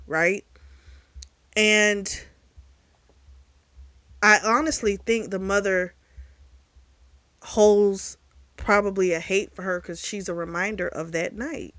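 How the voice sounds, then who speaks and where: A woman giving a casual spoken recap of a novel, animated and full of fillers, with the odd swear word. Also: mid-range voice, no echo. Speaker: book reviewer.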